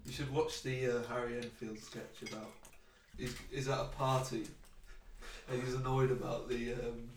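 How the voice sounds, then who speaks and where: A man's voice: mid-range voice, level tone, moderate pace, reverberant, recorded from a distance, slight background noise. A young man in casual podcast chat, asking curious, joking questions. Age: young adult. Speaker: podcast co-host.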